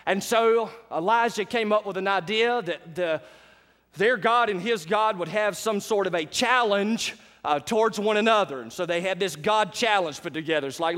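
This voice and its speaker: A man's voice: high voice, moderate pace, a bit bright, big-room sound. A male pastor preaching a sermon, telling a story with energy and asking the congregation questions.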